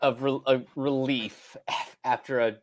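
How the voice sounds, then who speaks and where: Very low-voiced, slow-talking woman. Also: fairly even intonation. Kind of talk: casual film review chat.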